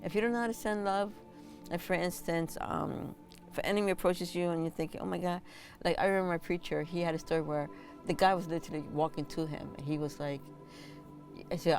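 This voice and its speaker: Faint music plays behind this host, a massage therapist who speaks at normal speed in a lowish, slightly mellow voice. Indoors on a squeaky chair, she hands out casual spiritual advice in a blunt, encouraging way, cursing every so often.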